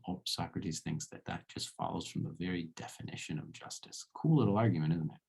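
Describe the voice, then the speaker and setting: A man's voice: deep voice, brisk, gravelly, darkish tone, breathy edge. A man giving a casual philosophy lecture, talking conversationally and checking in with rhetorical questions.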